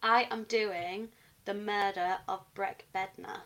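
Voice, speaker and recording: A woman's voice: medium pitch, fairly even intonation, slow, fairly bright tone. A young woman, a university student, co-hosting a podcast in casual chat and reading from her notes when she tells a case. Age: young adult. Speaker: podcast co-host.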